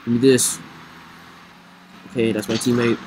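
A man giving excitable let's play commentary, reacting loudly to the plays. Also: medium pitch, normal speed. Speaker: gamer. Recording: noisy with game sounds behind.

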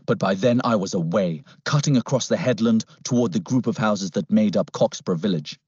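A man narrating an adventure audiobook in first person with a steady storytelling manner. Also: lowish voice, breathy edge, no echo. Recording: dull lo-fi, dry recording.

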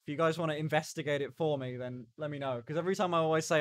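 A man's voice: a little high, racing, dry recording. A young man chatting casually on a live stream, rambling and stopping and starting as he reacts to chat. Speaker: livestreamer.

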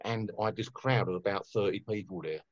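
A low-voiced man rambles through his stories, full of fillers and casual swearing. His voice comes through a dull, lo-fi call line with a dry, close sound. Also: brisk, no echo. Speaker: guest musician. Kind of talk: casual conversation.

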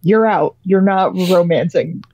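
A woman co-hosting a casual gaming podcast, animated and gushing, swearing freely. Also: lowish voice, unhurried, no echo, rough recording. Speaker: podcast co-host.

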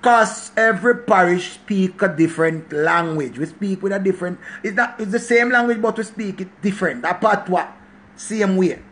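This channel host, a Jamaican man in his forties, rants in a casual monologue at a moderate pace. His voice is high for a man and a bit bright, and his preachy, emphatic style hammers every point by restating it.

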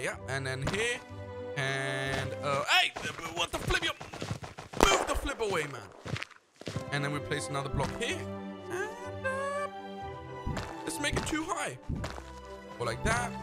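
Young male gaming YouTuber, high-pitched, excitable let's-play commentary, loud backing music. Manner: hyped, excitable, shouts when surprised.

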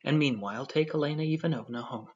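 A man voicing a self-important civil servant who lectures calmly and at length. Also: medium pitch, natural voice. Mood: pompous tranquil. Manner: measured, lecturing tone. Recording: dull lo-fi audio.

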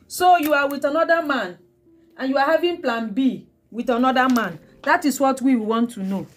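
A woman's voice: high-pitched, moderate pace, soft background music. A woman with a Nigerian accent giving mocking gossip commentary to her viewers, repeating herself and breaking into laughter. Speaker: celebrity gossip vlogger.

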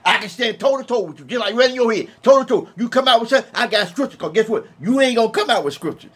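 A man teaching from the Bible in an emphatic, colloquial sermon, slowing down to read scripture. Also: very high-pitched, animated, fairly bright tone, husky. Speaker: preacher.

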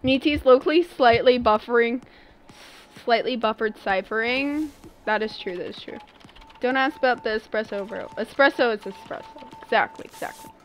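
A young woman streams a video game live, chatting casually with viewers in a slightly high voice at normal speed. She's expressive and bursts out in exasperation as she plays. The audio is poor, with slight background noise.

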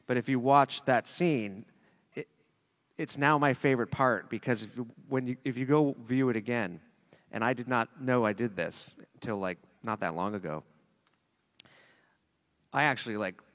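A man's voice: medium pitch, moderate pace, a bit bright. A man in his forties, an actor on a convention panel, telling a rambling, self-amused story in casual talk. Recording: long hall reverb.

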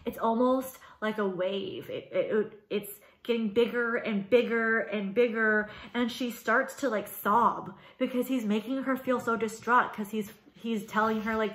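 A woman teacher giving a casual, animated video lecture, talking with lots of fillers. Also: fairly high pitch, unhurried, few pauses. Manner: chatty and animated, many fillers. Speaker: high school English teacher. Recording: roomy echo.

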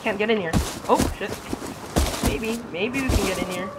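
A young man chatting excitedly while playing a game with a friend, laughing and swearing as he goes. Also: sits high, moderate pace. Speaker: gamer. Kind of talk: gaming chat with a friend. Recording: noisy game audio behind.

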